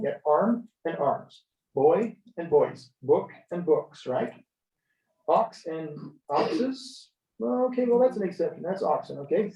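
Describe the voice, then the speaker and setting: A man's voice: a little high, warm tone. A man teaching a beginner language class, chatty and tossing "okay?" after each point, having students repeat after him. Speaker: Hebrew teacher. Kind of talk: classroom lecture. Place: church classroom. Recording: roomy, distant, dull lo-fi sound.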